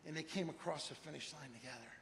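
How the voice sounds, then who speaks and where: An older man delivering a humorous keynote with animated storytelling and rhyming slogans. His voice is bright and gravelly, a little higher than most, and rings with the long reverb of a large hall over faint noise. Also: fast. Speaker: keynote speaker. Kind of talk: humorous motivational speech.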